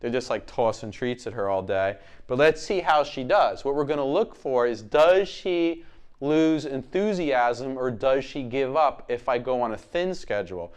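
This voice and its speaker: A man gives a hands-on dog training demonstration, explaining as he works with the dog in an expressive, smooth voice at normal speed. He uses short commands and praise, going high and sing-song when he addresses the dog.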